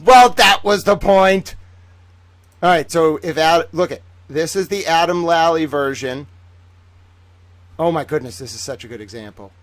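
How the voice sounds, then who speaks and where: A man hosting a livestream, talking excitedly to his viewers in a theatrical way that swings between hushed asides and loud bursts. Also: a little high, unhurried, pauses often, no echo. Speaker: livestream host.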